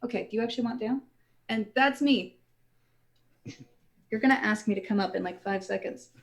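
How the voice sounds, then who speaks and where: A woman's voice: medium pitch, normal speed. A woman chatting as a guest on a podcast, joking and teasing. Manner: playful, joking. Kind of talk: casual podcast chat.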